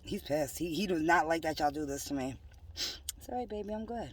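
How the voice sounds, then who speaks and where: A woman giving a rambling religious monologue, drifting between soft whispers and loud scolding, slowly reading definitions aloud. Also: low voice, animated, far from the mic, background noise. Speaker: self-styled prophet vlogger.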